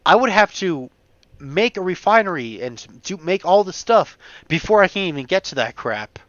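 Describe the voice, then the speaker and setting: A man talks through his game in a rambling way, full of restarts, and sometimes races ahead in fast bursts. His voice is bright and forward. The sound is dull and lo-fi, with a dry close mic. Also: sits high, very animated, dry recording. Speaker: gamer. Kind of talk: casual gameplay commentary. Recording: dull home mic recording.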